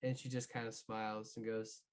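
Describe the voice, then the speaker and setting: A man's voice: fairly low pitch, little pitch movement, moderate pace, smooth. A man narrating as game master in a tabletop game, loose and rambling.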